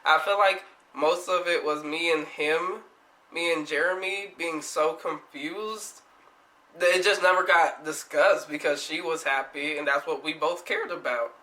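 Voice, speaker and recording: A young woman vlogger telling a story in casual chat, animated, laughing often and swearing freely. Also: low-pitched, unhurried, roomy sound, low-quality recording.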